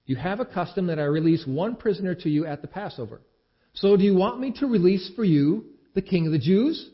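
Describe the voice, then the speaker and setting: A man's voice: high-pitched, expressive, fairly quick, voice pushed up. A man voicing a stern Roman governor who speaks in emphatic, rising declarations. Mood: pressing. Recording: dull lo-fi recording.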